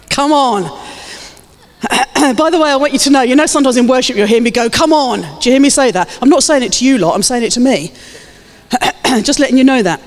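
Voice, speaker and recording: A woman's voice: high-pitched, brisk, pauses often, darkish tone. Woman pastor, fervent exhorting sermon, reverberant church hall. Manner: fervent, exhorting, calls out to the congregation.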